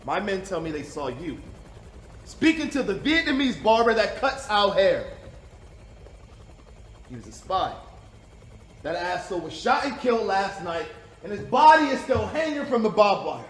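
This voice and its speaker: A man playing a brutal American soldier interrogating a prisoner, mocking and menacing, breaking into shouts. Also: high voice, big pitch swings, moderate pace, long pauses. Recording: roomy echo, faint background hiss.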